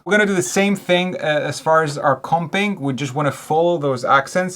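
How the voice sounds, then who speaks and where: A man teaching songwriting in a relaxed way, counting beats aloud and singing short examples. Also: a little high, moderate pace, few pauses, noisy background. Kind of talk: music lesson.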